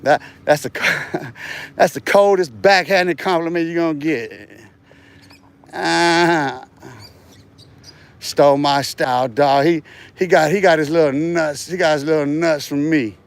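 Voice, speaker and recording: A man's voice: a little high, unhurried, pauses often. A man talking on a livestream in a rambling, profane, boastful way, laughing between remarks and often trailing off and restarting. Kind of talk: rambling casual livestream talk.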